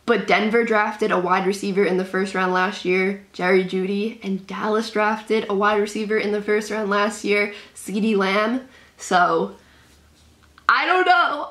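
An excitable woman reacts live to sports as a channel host, repeating exclamations in a run of emotional commentary. Her voice sits at an ordinary middle pitch for a woman. The room around her is noticeably echoey.

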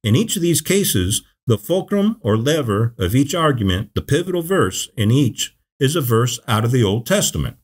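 Male preacher, mid-pitched, measured and emphatic delivery for a Bible teaching video. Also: sing-song, breathy edge. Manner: measured, emphatic phrasing with repeated verse quotes.

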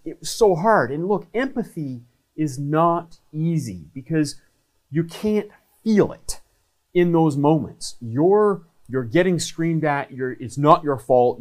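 A man's voice: fairly high pitch, lively intonation, a little slow. A man hosting a talk, giving earnest, conversational advice in short repeated phrases. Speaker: host and trainer. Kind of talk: casual advice monologue.

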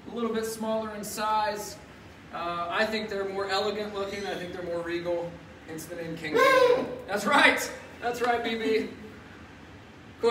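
A man's voice: sits high, fairly bright tone. A man presenting as a zookeeper, talking upbeat and chatty through a face mask inside a zoo birdhouse. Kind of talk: casual educational live stream. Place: indoor zoo birdhouse with penguins. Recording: echoey room, distant mic, faint noise.

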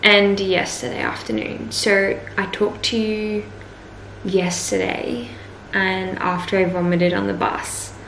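This vlog diary comes from a sick young woman who sounds tired and weak, talking slowly in a mid-range, fairly bright voice. A little hiss or hum sits under her chatty, rambling talk, which is full of "like," as she moves from a bus to a car.

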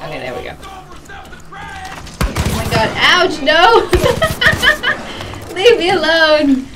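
A woman's voice: very high-pitched, expressive, drawn-out words, distant mic, heavy background noise. A young woman streaming a game, chatting casually and greeting her viewers by name with lots of giggles. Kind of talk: casual live-stream chat while gaming.

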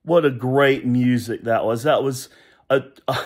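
A man's voice: mid-range voice, fairly even intonation, measured pace. A man in his thirties giving a rambling, nostalgic monologue for a vlog, breaking into hummed and sung bits of old songs. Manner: rambling, nostalgic, hums and sings song snippets. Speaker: vlogger. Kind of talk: casual opinion monologue.

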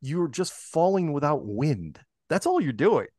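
A man's voice: fairly high pitch, big pitch swings, a little slow, dark tone, no echo, studio quality. A man talking as a podcast guest in a rambling way, full of fillers and restarts. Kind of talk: casual interview talk.

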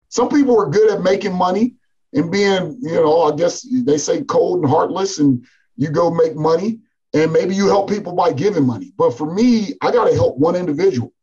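A man with a husky, slightly higher voice tells animated stories in a casual podcast chat. He often drops "man" and "like" between thoughts. The audio is a bit muffled. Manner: animated storytelling, frequent "man" and "like". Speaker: college basketball coach.

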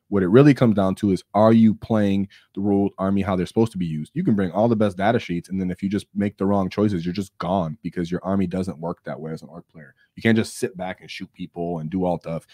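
Young male stream host, low-pitched, energetic and opinionated, dry close mic. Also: no room sound. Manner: energetic, opinionated, hypes things up and acts out quotes. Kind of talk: casual live-stream chat about tabletop gaming.

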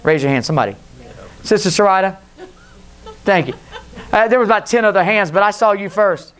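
Guy preaching in church, goes loud then drops real low, mocks folks' voices. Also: fairly quick. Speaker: pastor. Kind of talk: Pentecostal sermon. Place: church sanctuary.

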